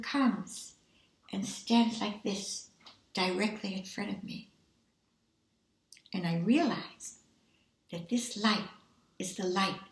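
A woman preacher giving a dramatic testimony, swinging between hushed whispers and loud exclamations. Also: medium pitch, reverberant.

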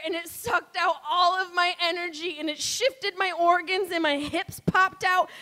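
A woman's voice: very high-pitched, pushed and bright. A woman doing a brash, profane stand-up set, bantering with the crowd from a comedy club stage.

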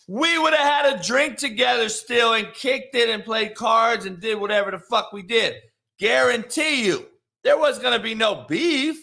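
A man hosting a sports talk show, ranting in a heated, profane way that swings from muttering to shouting. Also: high-pitched, big pitch swings, unhurried, gravelly.

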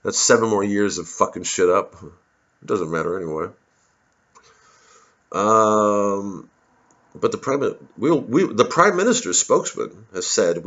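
A man's voice: lowish voice, expressive, unhurried, pauses often, fairly bright tone, highs cut off. A male comedian in a profane, rambling, sarcastic monologue to camera, with many restarts.

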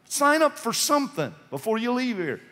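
A man's voice: extremely high pitch, very animated, normal speed, fairly bright tone. A male pastor preaching an impassioned, urgent sermon in a church sanctuary. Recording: long reverb of a church hall.

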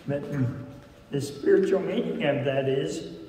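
Man preaching, slow plain-spoken storytelling, echoey hall, distant mic, faint background noise. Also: on the high side, warm tone. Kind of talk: folksy sermon with a joke story. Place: rehab center room.

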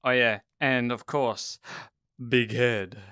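A man giving excitable VR gameplay commentary, gasping and exclaiming as he plays into a headset mic. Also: medium pitch, slow, clean tone, dry recording, dull audio. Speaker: gaming YouTuber.

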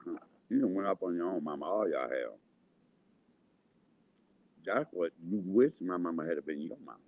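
Brief: husky, low-voiced man, angry vlog rant, lively pitch swings. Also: normal speed, narrow, tinny audio. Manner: heated, insulting, swings loud and quiet. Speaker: vlogger. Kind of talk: angry profane rant to camera.

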